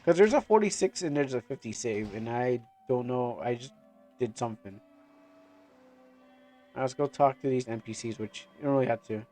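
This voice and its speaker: A man's voice: medium pitch, animated, moderate pace, warm tone, faint music behind. A man streaming a game, rambling through casual commentary with lots of fillers and restarts. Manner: rambling, many fillers and restarts, laughs often. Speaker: gaming streamer.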